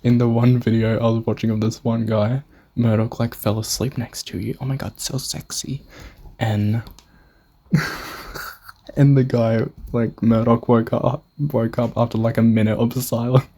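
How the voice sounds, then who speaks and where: A man's voice: medium pitch, level tone, a little slow, dark tone. A young Australian man casually narrating a tour of his game build, rambling, swearing and mocking himself. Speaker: gamer showing a build.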